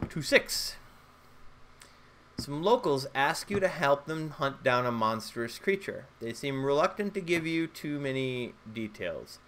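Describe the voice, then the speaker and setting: A man's voice: on the high side, noisy background. A man playing a solo tabletop role-playing game, rambling, joking and swearing as he goes. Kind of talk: casual solo play commentary.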